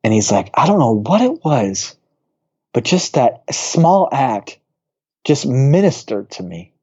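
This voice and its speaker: A pastor in his thirties tells a story with quick swings in voice, jumping up high when he acts out the people in it. His tone is mellow and a little dark. The audio is dull and lo-fi, like a basic podcast setup. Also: slightly rough. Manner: animated storyteller who acts out quoted voices.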